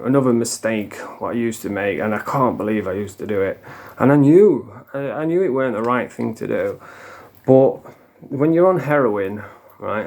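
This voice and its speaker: A man's voice: medium pitch, darkish tone. A man, a former addict telling his story in a frank, casual monologue full of swearing. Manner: frank, swears a lot, plain-spoken.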